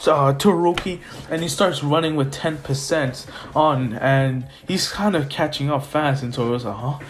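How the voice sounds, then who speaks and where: A man's voice: on the high side, moderate pace. A man casually narrating an improvised fan story, rambling with many fillers. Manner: rambling, filler-heavy, laughs often.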